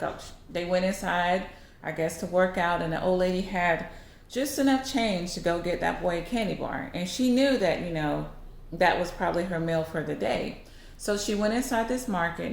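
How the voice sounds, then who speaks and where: A woman's voice: lowish voice, creaky, reverberant. A woman vlogger telling a story casually to her viewers. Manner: chatty, animated.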